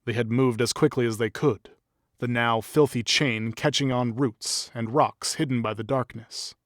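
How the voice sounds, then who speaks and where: A man narrating a fantasy story in a steady, measured read, his voice mid-pitched and ordinary. The recording is dry and close, with no room sound. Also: no echo. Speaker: audiobook narrator. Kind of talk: reading a fantasy story aloud.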